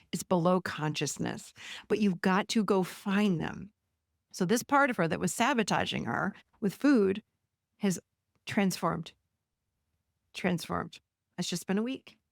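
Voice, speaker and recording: A woman's voice: on the low side, vocal fry, dry recording, studio quality. A woman podcast host and therapist telling a client story in a casual, chatty way, often addressing listeners directly.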